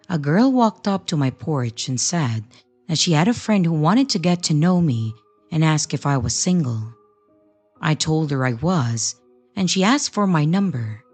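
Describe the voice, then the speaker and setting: A woman with a notably low voice reads true creepy stories in steady, measured narration. Her pitch rises and falls expressively from line to line, and soft music plays faintly underneath. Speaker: storytelling channel narrator.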